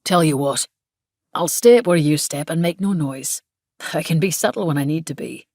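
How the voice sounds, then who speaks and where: Woman voicing a cheeky persistent police chief guy, low and kinda gravelly. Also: moderate pace, a little mellow, dry recording, clean studio sound. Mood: wry. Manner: wry, persistent.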